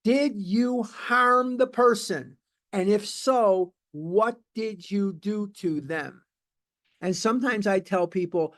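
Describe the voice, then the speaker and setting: A man's voice: sits high, slow, fairly bright tone. A man teaching a recovery book study in an informal, emphatic and repetitive conversational way.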